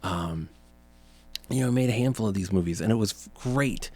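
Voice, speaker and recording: Forties guy on his podcast, low voice, rambles and restarts a lot, dry close sound. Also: moderate pace, darkish tone, no room sound. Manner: rambling, self-correcting storytelling. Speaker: podcast host. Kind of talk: casual reminiscing monologue.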